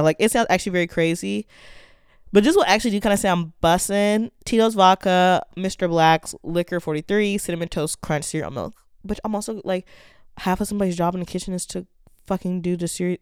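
A speaker giving a blunt, sassy, profane restaurant review in a casual monologue, spelling out menu names slowly. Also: mid-range voice, clear, resonant tone, no echo, studio quality.

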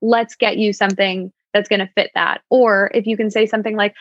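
A woman's voice: mid-range voice, little pitch movement, fairly quick, hardly any pauses, no room sound. A woman sommelier chatting as a podcast guest, upbeat with wry asides. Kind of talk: casual podcast interview. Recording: dull, slightly lo-fi dry sound.

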